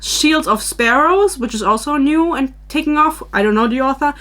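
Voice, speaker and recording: A woman's voice: high-pitched, animated, normal speed, sharp tone. Chatty young woman podcast host. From Germany. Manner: chatty, rambling, self-deprecating with frequent laughs. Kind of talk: casual chat. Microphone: camera-mounted microphone.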